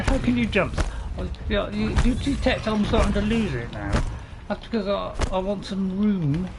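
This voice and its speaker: A gamer giving live commentary while playing, getting exasperated, shouting at enemies and laughing at their own panic. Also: medium pitch, noisy background. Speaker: let's play gamer.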